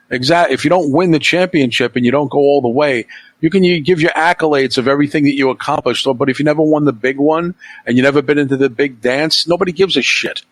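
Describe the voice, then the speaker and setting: A man's voice: mid-range voice, a little fast, a bit bright, no room sound, low-quality recording. Blunt, opinionated middle-aged man. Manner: blunt and opinionated, swears freely. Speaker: podcast host. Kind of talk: casual chat.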